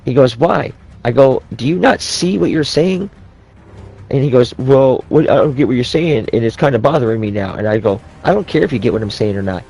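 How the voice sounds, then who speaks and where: A young man with a mellow, mid-range voice and a breathy edge rants while retelling an argument with his friends. He swears a lot and acts out each person's lines in a heated, rambling way.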